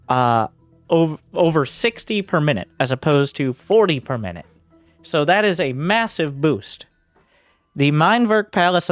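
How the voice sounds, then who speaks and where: A man's voice: on the high side, dry recording. A man coaching as he reviews gameplay, blunt, sarcastic and profane. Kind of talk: game coaching commentary.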